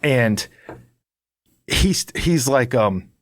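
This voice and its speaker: A man hosting a podcast, telling stories in an animated, enthusiastic way in casual chat. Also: mid-range voice, extremely slow, no room sound, studio quality. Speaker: podcast host.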